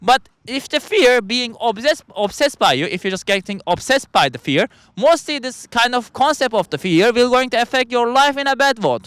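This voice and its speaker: A man's voice: very high-pitched, animated, moderate pace, hardly any pauses, a bit bright, smooth, no room sound. A man hosting a podcast, delivering a rambling philosophical monologue in English that is not his first language, with frequent restarts and filler words. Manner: speaks English as a second language. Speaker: podcast host.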